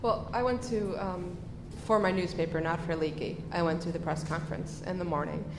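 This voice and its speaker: A woman's voice: lowish voice, steady tone, brisk. A woman co-hosting a live podcast, steering the talk in an upbeat way. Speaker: podcast co-host. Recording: echoey noisy live event recording.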